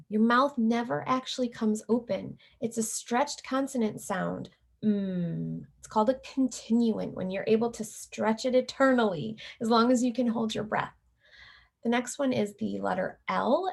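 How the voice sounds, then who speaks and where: A middle-aged woman lecturing teacher candidates, explaining carefully and demonstrating letter sounds. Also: a little high. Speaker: teacher educator. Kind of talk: recorded lecture.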